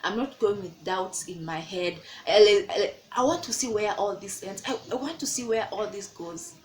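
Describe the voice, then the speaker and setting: Young woman, Kenyan English accent, storytime vlog, animated delivery, medium pitch, faint background noise. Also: moderate pace, poor audio. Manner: animated, acts out quoted voices in a much higher pitch. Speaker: vlogger.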